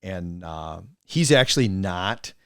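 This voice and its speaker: A man's voice: low voice, slow pace, smooth, no echo, clean studio sound. A middle-aged man from Wisconsin, a coach and teacher, telling rambling stories as a guest in a casual podcast interview. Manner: rambling, animated storyteller who mimics friends.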